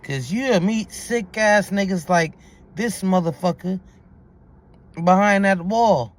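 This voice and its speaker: A man's voice: high voice, slow pace. A man hosting a reaction video, talking in incredulous, profane street slang. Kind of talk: reaction commentary.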